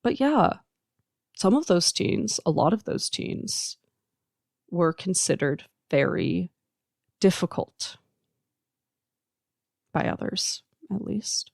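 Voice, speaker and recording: An adult podcast host who works with teenagers gives an earnest, emphatic solo monologue, laying out points in slow, measured lists. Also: medium pitch, wildly swooping pitch, gravelly, dry recording, clean studio sound.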